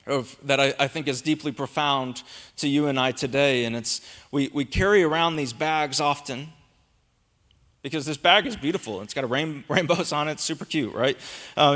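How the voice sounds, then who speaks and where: A man's voice: fairly high pitch, fairly bright tone. A man in his thirties, a pastor, delivering an earnest, emphatic sermon. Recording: long reverb of a large hall.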